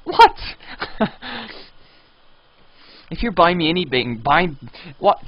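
Chatty male gamer, lively voice. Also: a little high, slow pace, long pauses. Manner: rambling, reads signs and chat aloud. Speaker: game streamer. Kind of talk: live gameplay commentary. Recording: dull lo-fi stream audio.

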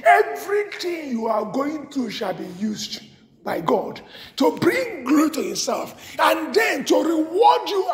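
Impassioned high-voiced male preacher. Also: echoey room. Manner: impassioned, swinging from shouts to low murmurs. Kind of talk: sermon.

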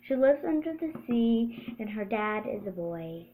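A woman's voice: a little high, very animated, measured pace, warm tone, slight background noise, poor audio. A woman playing a female search engine in a home skit, answering questions in a chatty, offhand way with muttered asides.

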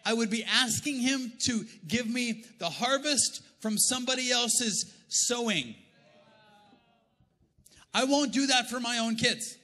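A man preaching a sermon as pastor, telling funny stories and swinging from loud bursts to quiet asides. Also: extremely high pitch, takes it slowly. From Canada. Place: large church auditorium. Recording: church hall reverb.

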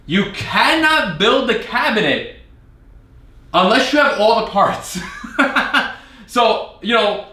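Male vlog host, high bright voice, exasperated storyteller, echoey room. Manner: animated, exasperated retelling with quoted exchanges. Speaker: video host reviewing an arcade cabinet. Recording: echoey room, mic at a distance.

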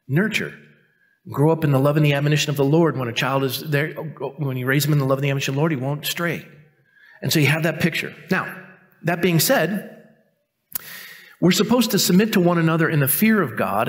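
A man preaching a sermon as pastor, mixing jokes at his own expense with earnest teaching, and dropping to a quiet, intense tone for stern points. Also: fairly high pitch. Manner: joking, self-mocking asides between earnest teaching. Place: church sanctuary. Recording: long reverb of a church hall.

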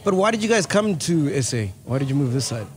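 A man's voice: fairly high pitch, sing-song, quick pace. Blunt, teasing man asking questions. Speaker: podcast host. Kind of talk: casual interview chat. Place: podcast studio.

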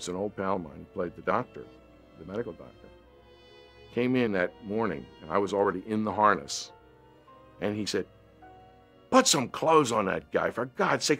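A man, an actor, recalling filming experiences in an interview in a husky voice. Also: lowish voice, a bit bright. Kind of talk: interview recollection.

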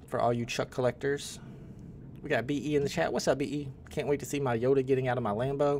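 A man's voice: mid-range voice, darkish tone, slight background noise. Man rambling casually on a livestream. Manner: rambling, thinks aloud, greets chat. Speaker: livestream host. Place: home.

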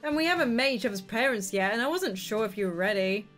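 A woman's voice: on the high side, animated, fast, fairly bright tone, faint music behind, voice pushed down. A woman voicing Jake, a hesitant young man, in a cartoon story. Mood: awkward. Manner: hesitant, with fillers.

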